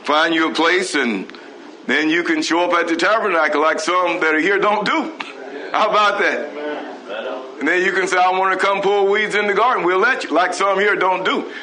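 A man's voice: high-pitched, moderate pace, sharp tone, rough recording. A man preaching a sermon, asking the congregation rhetorical questions. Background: congregation responding.

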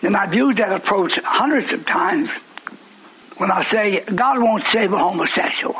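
A man preaching a sermon with fervent conviction, swinging between shouted declarations and hushed asides. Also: high-pitched, lively intonation, unhurried, breathy edge, poor audio. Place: church service. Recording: live recording with congregation noise. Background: congregation calling out responses.

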